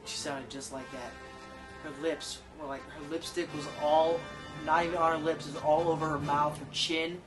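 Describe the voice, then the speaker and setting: A man's voice: on the high side, flat delivery, normal speed, music in the background. A man telling a comic story about himself in a casual, profane, rambling, self-deprecating way.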